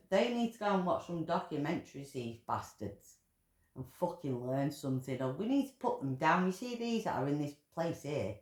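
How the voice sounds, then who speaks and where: A woman ranting in angry commentary, full of swearing and emotional outbursts. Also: low voice. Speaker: vlogger commentator. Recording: echoey room.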